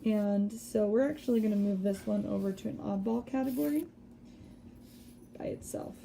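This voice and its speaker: A woman teacher giving a recorded spelling lesson, patiently explaining step by step and sounding out words slowly. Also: medium pitch, creaky, dark tone, a little hiss or hum. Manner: slow deliberate word-by-word sounding out.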